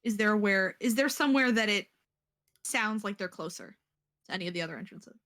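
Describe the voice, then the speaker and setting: A woman's voice: mid-range voice, expressive, a little fast, fairly bright tone. Anxious woman playing a tabletop game. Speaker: player.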